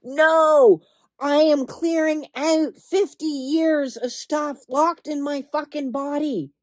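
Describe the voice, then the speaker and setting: A woman with a high, steady voice speaks slowly in a dry recording. As a spiritual healing coach talking passionately to the camera, she's blunt and emphatic, swears freely, and stretches words for stress before turning soothing and reassuring.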